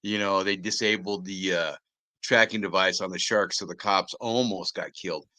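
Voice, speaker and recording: Man, podcast co-host, blunt laid-back rambling, lowish voice, dry sound. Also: fairly even intonation, moderate pace, pushed and bright, dry recording. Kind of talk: casual movie review chat.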